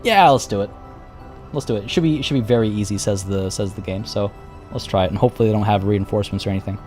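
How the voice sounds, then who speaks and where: A man's voice: lowish voice, quick pace, a little mellow, faint music behind. A man giving live commentary on a strategy game, thinking aloud and chatting with his viewers while losing his voice. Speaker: game streamer.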